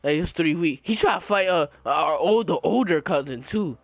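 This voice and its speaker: A young man telling a story in casual chat, slangy and profane, animated and laughing, acting out the people he quotes. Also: on the high side, moderate pace, vocal fry, no room sound. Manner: slangy, profane, repeats filler "right?".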